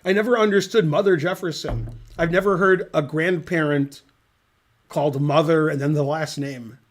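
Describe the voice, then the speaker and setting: Middle-aged male chess commentator, slightly high voice, dry and digressive, casual rambling delivery. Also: fairly even intonation, moderate pace.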